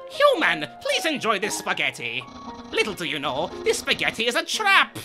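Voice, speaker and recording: A loud, theatrical skeleton who brags about his puzzles, voiced by a woman. The voice sits high and swoops wildly across its range. Game music plays underneath. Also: huge pitch swings, moderate pace, creaky, exaggerated voice. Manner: grandiose, exclaiming, dramatic. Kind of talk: live fan voice-over of a game.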